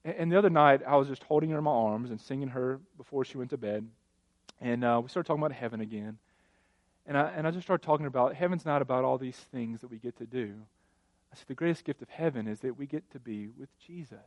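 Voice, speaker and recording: A man in his thirties preaching a sermon, telling stories with animated swings between loud passages and hushed ones. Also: mid-range voice, quick pace, dry recording, highs cut off. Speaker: pastor.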